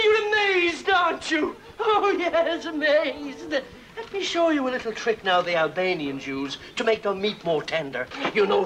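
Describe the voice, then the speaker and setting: A man's voice: very high-pitched, heavily acted. A man playing an overbearing, lonely dinner guest who chatters and shows off in a 1970s TV comedy sketch. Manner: chatty, bossy, full of jokes and sound effects. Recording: studio audience laughter, broadcast noise.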